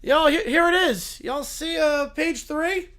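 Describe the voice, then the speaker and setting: A man's voice: very high voice, slow, bright, forceful tone, heavily acted. A man voicing a bumbling, apologetic male defense lawyer with a put-on Southern drawl, stammering and hesitant, in a comic courtroom role-play. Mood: flustered. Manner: stammering, hesitant, full of fillers.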